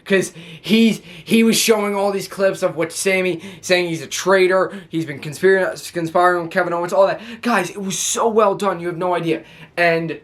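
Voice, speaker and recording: A young man with a notably high-pitched voice recaps a wrestling broadcast to his viewers. He rambles excitedly, laughs often and keeps restarting his sentences as he goes. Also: moderate pace. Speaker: wrestling show reviewer. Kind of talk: excited casual recap to camera.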